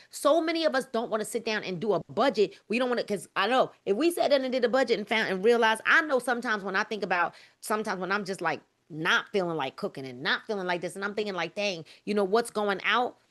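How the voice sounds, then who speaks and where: A woman's voice: mid-range voice, expressive, quick pace, hardly any pauses, a bit bright. A woman leading a motivational group video call, emphatic and preachy, repeating her phrases and calling the group y'all.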